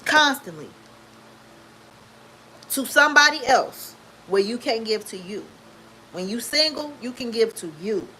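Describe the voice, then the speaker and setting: A woman's voice: on the high side, expressive, measured pace, pauses often, bright, forceful tone, a little hiss or hum, rough recording. A woman in her fifties talking candidly to her viewers, emphatic and preachy, repeating her points for emphasis. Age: 50s. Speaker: vlogger. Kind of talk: candid talk to camera.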